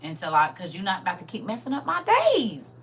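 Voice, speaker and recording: This middle-aged woman, hosting a livestream, speaks a little fast in a mid-range voice. Her casual chat to viewers is blunt and lively, full of "y'all" and "baby."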